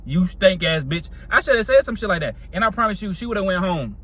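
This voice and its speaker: A man's voice: high voice, big pitch swings, racing, bright, forceful tone, husky. A young man telling a casual storytime monologue in a slangy, laid-back way, laughing often.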